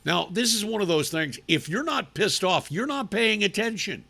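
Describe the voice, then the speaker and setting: A man's voice: sits high, sing-song, moderate pace, vocal fry, pushed and bright. A male radio talk show host giving sarcastic, indignant commentary with emphatic delivery.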